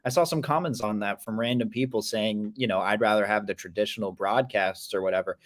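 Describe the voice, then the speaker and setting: A man's voice: lowish voice, fairly quick, no room sound. A man co-hosting a casual sports talk show, often restarting his phrases and laughing easily. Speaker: podcast co-host.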